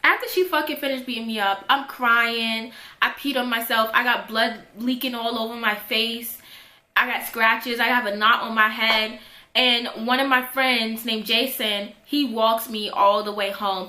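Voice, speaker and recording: A young woman tells a story from her school days in a bright, forceful voice that sits a little high. She tells it casually and dramatically and acts out every voice in it. The room around her sounds echoey. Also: moderate pace. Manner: animated, dramatic retelling with quoted voices.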